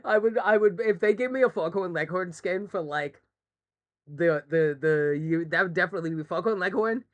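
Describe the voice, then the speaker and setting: A woman co-hosting a casual gaming podcast, animated, laughing often and swearing freely. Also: fairly low pitch, normal speed, highs cut off. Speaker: podcast co-host. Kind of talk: casual chat about video games.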